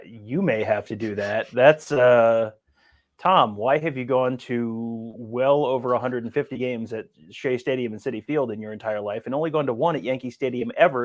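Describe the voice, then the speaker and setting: Animated man telling amused stories. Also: mid-range voice. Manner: animated, self-amused storytelling. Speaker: podcast co-host. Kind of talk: casual sports chat.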